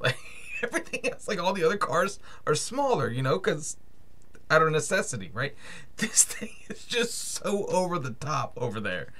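American dude reacting to a video, laughing a lot, voice swings all over. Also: male voice, mid-range voice. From United States. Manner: excitable, laughing, exclamatory.

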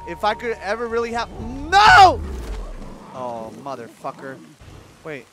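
A man streaming a video game, talking to his chat in excitable, profane commentary that breaks into sudden yelps and shouts. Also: high-pitched, a little slow, pauses often, music in the background. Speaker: gaming streamer.

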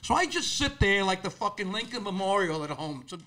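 A man in his sixties with a New York accent, telling comic stories in a loud, profane, ranting way. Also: high voice, sing-song, brisk. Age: 60s. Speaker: comedian guest. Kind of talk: animated comic storytelling.

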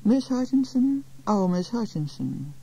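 A woman's voice: mid-range voice, big pitch swings, a little slow, gravelly, dark tone, husky, pitched above the performer's own voice, full character voice, poor audio. A woman voicing a coy, sugary beautician.

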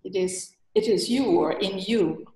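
A woman interviewing a guest, asking questions slowly and gently, with affirming murmurs. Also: mid-range voice. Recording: echoey, distant from the mic.

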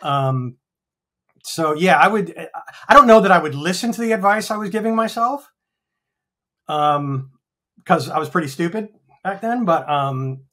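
A man's voice: fairly high pitch, lively intonation, a little slow, pauses often, bright, forceful tone. An American man of fifty, talking frankly in a casual interview, rambling with many ums and swearing freely. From United States. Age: 50s. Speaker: actor guest.

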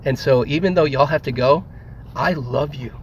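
A man giving an earnest, rambling philosophical monologue to friends, emotional and close to tears, with halting, repetitive phrasing. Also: mid-range voice, slight background noise, low-quality recording. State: tearful. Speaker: speaker leading a group talk.

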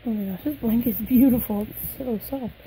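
A young woman vlogging an unboxing in a casual, gushing way, her voice a little hoarse, sometimes dropping to soft whispers. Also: a little high, a little hiss or hum, rough recording.

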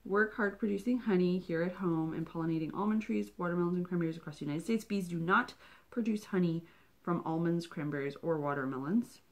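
Chatty excitable woman unboxing a subscription box. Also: lowish voice, a little fast. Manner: chatty and excitable, gasps and whispers. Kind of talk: casual unboxing vlog.

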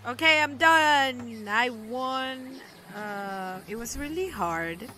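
A woman's voice: a little high, lively intonation, slow, sharp tone, slight background noise. Chatty, hesitant woman playing a game. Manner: chatty, hesitant, with many ums and self-deprecating remarks. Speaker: let's play host. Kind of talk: casual game commentary.

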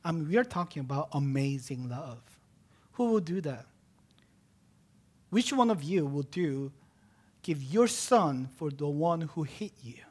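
A man preaching a sermon as pastor, repeating key words for emphasis and swinging between loud emphatic cries and hushed near-whispers. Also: on the high side, expressive, unhurried, long pauses.

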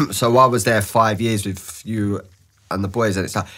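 A man's voice: fairly low pitch, moderate pace, a bit bright. A man hosting a podcast, chatting casually, cutting in often and swearing. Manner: interjecting, swearing, agreeable. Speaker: podcast host. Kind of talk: casual chat.

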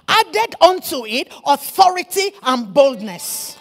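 A woman preaching a fiery sermon, repeating her phrases and rising to shouts. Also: sits high, expressive, moderate pace. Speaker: apostle preaching.

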